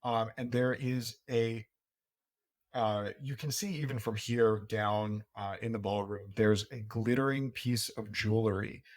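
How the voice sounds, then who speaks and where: A man's voice: fairly low pitch, fairly even intonation, a little slow. A man narrating and calling checks as game master, in a hesitant, filler-heavy way. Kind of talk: running a tabletop game.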